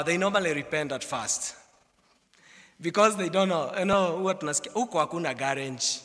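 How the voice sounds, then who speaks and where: Animated preacher, echoing church. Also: male voice, high-pitched. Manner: animated, swings from quiet asides to shouted exhortation. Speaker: preacher at a funeral service. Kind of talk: sermon with storytelling. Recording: echoey church hall with long reverb.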